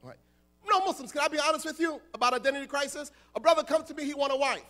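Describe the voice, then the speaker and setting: An American man giving a lively, joking youth lecture as an imam, acting out voices for the crowd. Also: very high-pitched, racing. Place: large conference hall.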